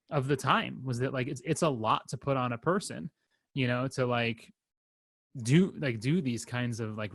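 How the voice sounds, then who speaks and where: A young man talks on a podcast in a loose, rambling way, stopping and restarting his thoughts and tossing in wry jokes at his own expense. His voice sits at an ordinary middle pitch. The sound is dry and close, with no room echo. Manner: rambling, halting with many fillers and restarts; wry, self-deprecating humor. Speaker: podcast co-host. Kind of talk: casual chat.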